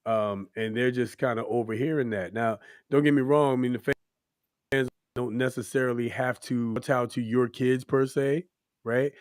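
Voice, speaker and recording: A young man hosts a casual podcast, loose and animated, often breaking into playful mock-scolding. His voice sits at an ordinary middle pitch. The sound is dry and close, with no room around it. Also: normal speed, no room sound. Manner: animated, loose and joking, mock-scolding asides to sports fans. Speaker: podcast host. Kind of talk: casual chat.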